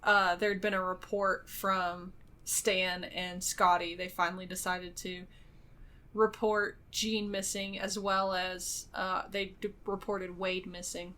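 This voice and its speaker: A woman's voice: fairly low pitch, level tone, slow pace, bright, forceful tone. A woman co-hosting a podcast, casually retelling a film's plot with lots of fillers and little laughs. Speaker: podcast co-host. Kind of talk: casual movie recap chat.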